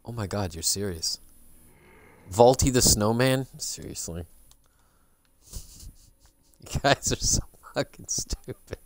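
Male streamer, low slow voice, dry close sound, sarcastic muttering. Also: lively intonation, no room sound. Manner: mutters and swears at the game, sarcastic. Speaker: game streamer. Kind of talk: casual gameplay commentary.

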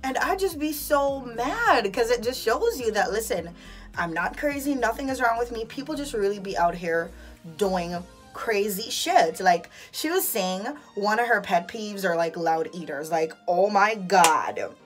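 A young Jamaican woman with a Jamaican accent, vlogging from her bathroom and ranting about pet peeves in an animated, exasperated way. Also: on the high side, a little slow, faint music behind. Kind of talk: casual vlog chat. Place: bathroom at home.

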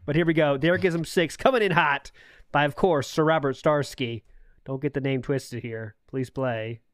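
A man's voice: fairly high pitch, steady tone, normal speed, clear, resonant tone, dry recording, clean studio sound. A man hosting a podcast, playfully announcing segments in casual chat. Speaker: podcast host.

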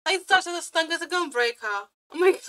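A woman with a bright, sharp, high-pitched voice, reacting to a video with loud excitement. She swears freely and breaks into laughter, and her English phrasing sounds a little non-native. Her delivery is casual and animated. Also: moderate pace.

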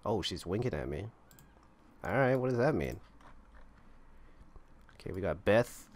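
A man's voice: on the low side, big pitch swings, measured pace. A man giving casual gameplay commentary, thinking aloud and rambling as he explores an online game. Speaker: gamer playing online roleplaying servers.

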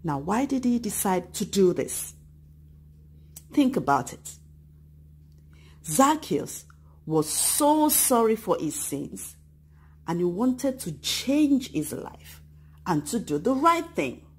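A woman teaching a children's church lesson, retelling a Bible story and acting out the voices of excited children and grumbling crowds. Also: medium pitch, slow pace, pauses often, slightly rough. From Nigeria. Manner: animated, acts out voices of children and Bible figures.

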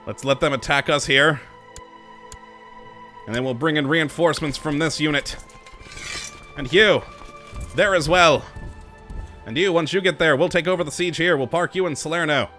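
A man's voice: fairly high pitch, moderate pace, pauses often, pushed and bright, faint music behind. A man commenting on his own strategy game, frantic and self-mocking, often talking straight to his troops. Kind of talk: let's play commentary.

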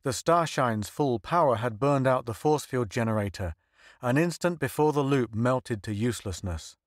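A man reading a science fiction story aloud as an audiobook narrator, in steady, measured storytelling. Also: mid-range voice, no room sound, clean studio sound. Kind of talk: scripted narration.

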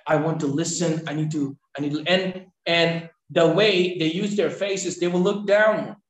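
A man's voice: on the high side, fairly even intonation, moderate pace. Man with a raised voice lecturing in an echoey room. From Northeast India. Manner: repeats key phrases, keeps checking with "right?". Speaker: trainer giving a talk. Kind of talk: motivational training lecture.

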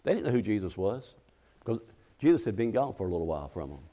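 A man's voice: fairly low pitch, big pitch swings, quick pace, dark tone. Folksy middle-aged man preaching. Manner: folksy, conversational preaching with frequent restarts; acts out scripture quotes. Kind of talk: sermon.

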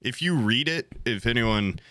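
A man's voice: mid-range voice, animated, moderate pace, pushed and bright, dry recording. A man co-hosting a podcast in casual chat, rambling and cursing as he jokes and recommends films. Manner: rambling, profane, jokey. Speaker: podcast co-host.

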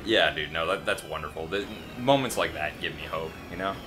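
A man's voice: rumbling low, expressive, brisk, noisy background. A man co-hosting a let's play, joking and laughing often in casual chat.

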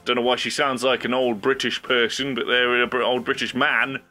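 A man's voice: medium pitch, moderate pace, faint music behind. A young man hosting his own video, talking casually and rambling with frequent laughs. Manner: animated, rambling, laughs often. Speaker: YouTube host. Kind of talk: casual solo commentary.

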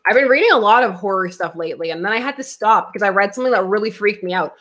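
A woman's voice: a little high, expressive, fast, hardly any pauses, a bit bright. Chatty, giggly woman comics host. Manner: chatty, giggly, thinks aloud. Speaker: comics channel host answering live chat. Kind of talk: casual live-stream chat.

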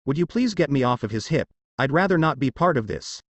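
A man's voice: medium pitch, lively intonation, a little fast, no echo, close to an everyday voice. A man reading the part of a wise, dry, self-important talking head. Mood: wry.

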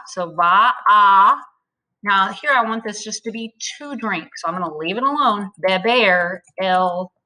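A woman with a bright, crisp voice walks students through a grammar lesson. She explains patiently, step by step. She slows down to sound out each word. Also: on the high side, low-quality recording. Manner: patient, step-by-step explaining, slowing to spell out words. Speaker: Spanish teacher. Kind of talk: screen-share grammar lesson.

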